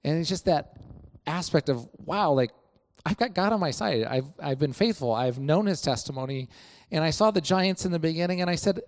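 A man talking casually about his faith, retelling old stories and acting out quoted lines with many fillers. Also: normal speed. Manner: animated storytelling, acts out quoted lines with rising pitch; many fillers like "you know". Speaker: church member sharing reflections.

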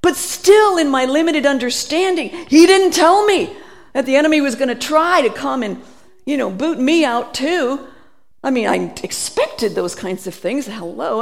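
A middle-aged woman preaching a sermon, telling stories in an animated way and laughing between phrases. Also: high-pitched.

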